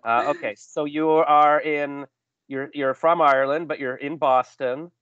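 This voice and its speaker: A man's voice: a little high, fairly even intonation, a little slow, a bit bright, smooth, dry recording. A man hosting a podcast interview, chatty and self-deprecating, rambling with restarts over a remote call. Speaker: podcast host. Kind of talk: casual interview chat. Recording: dull lo-fi call audio.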